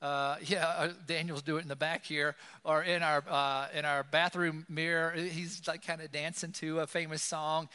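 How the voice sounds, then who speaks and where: A man's voice: a little high, little pitch movement, normal speed, few pauses, pushed and bright, clean tone, big-room sound. A man preaching a sermon in a conversational style, with many fillers, in a church. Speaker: pastor. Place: church sanctuary.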